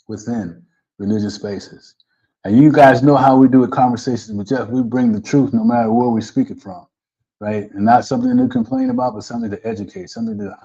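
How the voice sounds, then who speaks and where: Energetic male talk-show host, mellow tone. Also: mid-range voice, dull audio. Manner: energetic, repeats "right?" to the audience. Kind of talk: live online talk show hosting.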